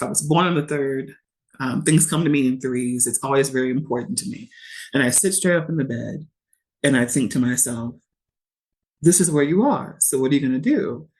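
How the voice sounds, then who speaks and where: A woman's voice: very deep voice, normal speed. A woman, a podcast guest telling a personal story candidly and expressively, acting out what others said. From Shreveport, Louisiana. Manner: candid and expressive, quotes others in lively voices.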